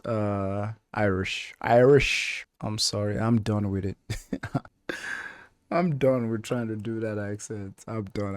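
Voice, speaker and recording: A man's voice: on the low side, darkish tone, dry recording. A man hosting a reaction video, joking and laughing often at the show. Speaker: reaction channel host. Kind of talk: casual reaction commentary.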